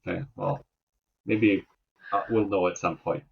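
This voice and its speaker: A man's voice: deep voice, fairly even intonation, unhurried, vocal fry, breathy edge. A man co-hosting a podcast in a casual book discussion, easygoing and hesitant. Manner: easygoing, hesitant, many fillers. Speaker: podcast co-host. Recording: dull lo-fi sound.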